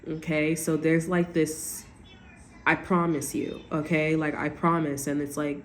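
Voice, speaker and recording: A woman's voice: sits low, little pitch movement, measured pace. Giggly rambling woman tarot reader. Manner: rambling, giggly, swears freely, many "okay?" asides. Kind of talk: casual tarot reading monologue. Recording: echoey room with faint ambient noise.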